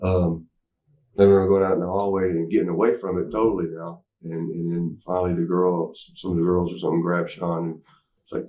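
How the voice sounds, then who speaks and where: A man in his forties telling a candid story as an interview guest, rambling and halting with many restarts and fillers. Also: low voice, flat delivery, dark tone. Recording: roomy echo, mic at a distance.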